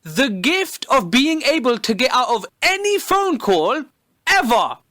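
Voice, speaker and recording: A man's voice: extremely high pitch, sing-song, measured pace, fairly bright tone, no room sound, clean studio sound. A man delivering a sarcastic, heavily profane comedic monologue, recorded on a phone. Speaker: comedy video creator.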